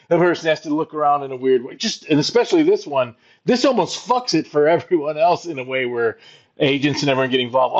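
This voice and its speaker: A man's voice: a little high, animated, quick pace. A man who used to write wrestling shows, chatting casually in a laid-back way, swearing and laughing easily. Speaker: former wrestling writer, co-host. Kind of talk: casual chat. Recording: dull lo-fi sound.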